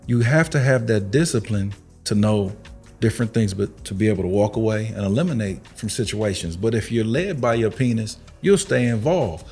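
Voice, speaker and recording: A man's voice: fairly low pitch, moderate pace, darkish tone, faint music behind. A man co-hosting a podcast, making emphatic, preachy points in casual chat. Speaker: podcast co-host.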